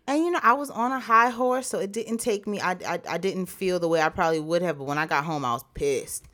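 Low-voiced woman, chatty with lots of "like". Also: a little fast. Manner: talkative, many "like" fillers, animated retelling. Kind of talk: casual chat.

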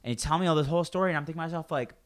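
This man's slightly high voice comes out rapid-fire as he recounts a long work story in a casual conversation. Swearing freely, he tells it with energy and performs many of his coworkers' lines.

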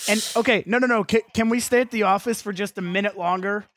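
A man's voice: sits high, quick pace, fairly bright tone, no room sound. A man co-hosting a podcast, recapping a film in casual comedic chat and acting out scenes in silly voices.

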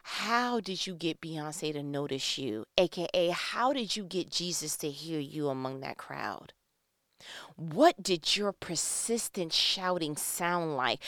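A woman preaching a sermon, emphatic and conversational, asking rhetorical questions and swinging between loud calls and hushed tones. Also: fairly low pitch, sing-song, unhurried, no room sound, clean studio sound.

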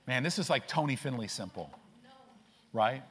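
A male pastor delivering a sermon in church, preaching with energy in quick bursts, asking rhetorical questions and trading call-and-response with the congregation. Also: mid-range voice, animated, a bit bright, husky.

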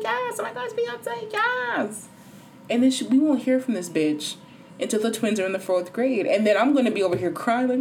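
A woman vlogging a casual album review, animated and dramatic, swearing and breaking into sudden high squeals. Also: a little hiss or hum. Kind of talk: casual excited rant to camera.

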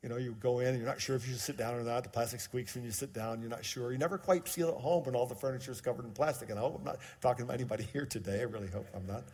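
A man in his sixties preaching a sermon, telling a personal story as he moves between quiet, hushed moments and emphatic, raised passages. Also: medium pitch, rapid-fire, hardly any pauses, slightly rough. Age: 60s. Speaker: pastor.

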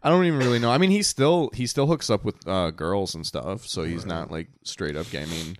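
A man chatting casually with a low voice. He hesitates, restarts, and searches for words as he talks. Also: expressive, brisk, no echo, studio quality. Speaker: comedian. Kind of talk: casual chat.

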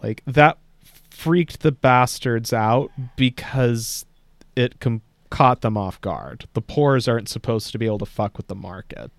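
A man's voice: mid-range voice, measured pace, creaky, no room sound. A man co-hosting a podcast, chatting casually and sardonically about the news and swearing freely. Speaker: podcast co-host. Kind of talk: casual news commentary chat.

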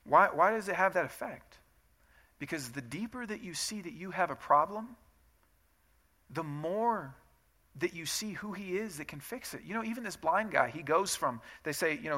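A pastor preaches in a loose, conversational way, speaking in a bright, ringing voice. He drops to a hush for acted prayers and then rises to loud emphasis, with a fairly high pitch for a man throughout. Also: expressive, moderate pace. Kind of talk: sermon.

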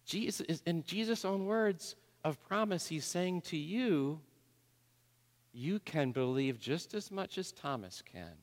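A man preaching in a church sanctuary, his voice carrying a long hall reverb. He has a fairly high pitch for a man and moves between urgent appeals, heartfelt prayer and vivid storytelling. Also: animated, takes it slowly. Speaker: pastor. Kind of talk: sermon.

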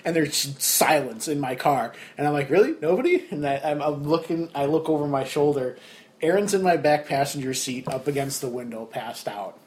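A man's voice: on the high side, normal speed. A young man co-hosting a podcast, telling a story in a casual chat and acting out his friends' lines along the way. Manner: animated storyteller who acts out friends' voices. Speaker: podcast co-host.

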